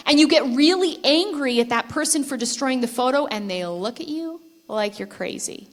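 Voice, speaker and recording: High-pitched woman presenter, engaging storyteller who quizzes the crowd at a conference. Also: animated, normal speed, few pauses. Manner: engaging, asks the audience questions. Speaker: conference speaker. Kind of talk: persuasive talk with storytelling. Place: conference hall with live audience.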